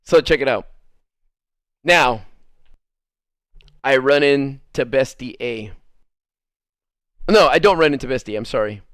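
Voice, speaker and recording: A man's voice: medium pitch, animated, slow pace, long pauses, fairly bright tone, no echo. A young man streaming, telling a story casually, laughing often, swearing freely and acting out both sides of the conversation.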